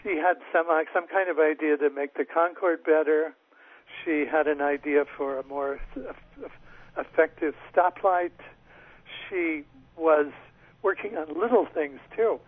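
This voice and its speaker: A man's voice: on the high side, fairly even intonation, a little slow, dry recording. A male author being interviewed by phone from home, telling a story thoughtfully with small restarts and laughs. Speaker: author guest. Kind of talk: radio interview over the phone. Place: home in Northern California. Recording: tinny phone line.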